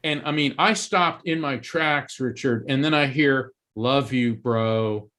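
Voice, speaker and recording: Here the author's voice sits on the high side, with a sharp tone and a measured pace. He's a man from East Coast Florida, USA, a guest in an interview, telling a story earnestly and animatedly while often starting sentences over.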